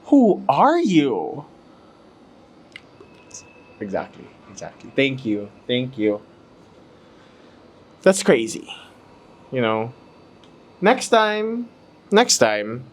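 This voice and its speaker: A Filipino podcast host talks extremely slowly in a mid-range voice with huge swings in pitch, pausing often. Hot and sweaty in a room at home, he chats casually in a mix of English and Tagalog, fumbling retakes and poking fun at himself.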